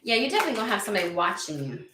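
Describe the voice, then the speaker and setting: Woman doing a tarot reading on her channel, talks fast and loose with lots of cussing, echoey room. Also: medium pitch, background noise. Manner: animated, swears freely, chatty. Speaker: tarot reader. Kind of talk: casual tarot reading to camera. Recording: roomy echo.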